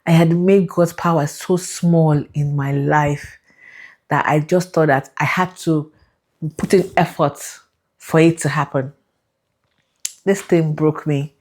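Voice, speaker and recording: A young woman tells a personal faith story straight to her viewers. Her voice sits on the low side, and she is lively and emotional, laughing as she acts out the people in her story. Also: takes it slowly, pauses often. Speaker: vlogger sharing a faith testimony.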